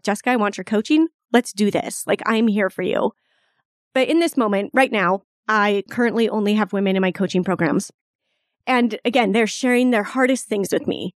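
A woman's voice: a little high, no room sound, clean studio sound. A woman hosting a solo podcast as a coach, talking in a chatty, candid way and laughing often.

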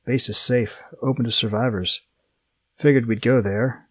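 A man's voice: medium pitch, steady tone, normal speed, fairly bright tone, breathy edge, no room sound. A man doing a weak dying man. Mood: weak, pained. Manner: weak, broken short phrases. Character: dying young man, guilty, weak, gasping.

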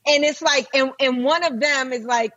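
A woman's voice: high voice, normal speed, highs cut off. A woman comedian, a guest on a podcast, chatting animatedly with many restarts. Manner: animated, full of likes and restarts. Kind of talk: casual interview chat.

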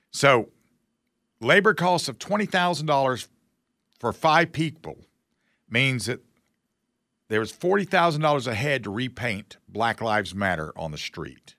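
Brief: male talk host, mocking and folksy, with a gravelly, lively voice and a dry sound. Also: medium pitch, dry recording. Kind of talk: casual political commentary.

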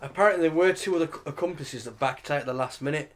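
A man's voice: fairly high pitch, quick pace. A man co-hosting a podcast in casual chat, dry and chatty with frequent laughs. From England. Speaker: podcast co-host.

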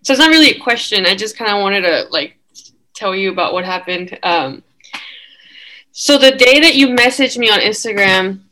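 A woman's voice: medium pitch, lively intonation, normal speed, pushed and bright. A young woman guest telling a personal story in casual chat, full of fillers. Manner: chatty, many fillers.

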